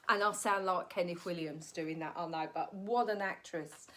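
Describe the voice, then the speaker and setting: A woman's voice: medium pitch, normal speed, few pauses, fairly bright tone, a little hiss or hum. Cheeky woman in her forties. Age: 40s. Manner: rambling, cheeky, self-correcting. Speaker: comedian. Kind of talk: comic monologue.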